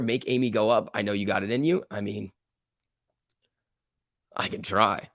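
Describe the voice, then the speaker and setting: A man hosting a live stock trading stream, reacting excitedly to price moves and chatting casually with viewers. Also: lowish voice, normal speed, gravelly, pauses often, dry recording, clean studio sound. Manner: excitable, exclaiming at price moves, reading chat aloud. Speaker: stock trading livestream host.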